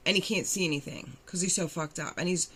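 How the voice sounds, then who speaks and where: Young Philly woman, candid vlog storyteller, bright and punchy, blunt and animated. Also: fairly low pitch, fast talker, breathy edge. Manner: blunt, animated retelling with acted-out quotes and swearing. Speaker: vlogger telling her recovery story.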